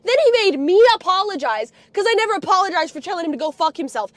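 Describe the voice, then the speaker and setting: A woman with a strikingly high, piercing voice launches into a foul-mouthed rant, swinging between storytelling and angry shouting. Her voice sits dry and close to the mic, with no room sound around it. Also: lively intonation, quick pace, no room sound. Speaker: guest on a live stream. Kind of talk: profane ranting rant-story.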